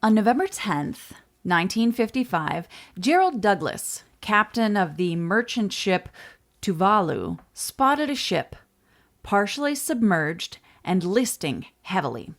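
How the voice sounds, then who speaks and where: A woman co-hosting a podcast, narrating a history story in a casual, lively way with asides. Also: mid-range voice, unhurried. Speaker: podcast co-host.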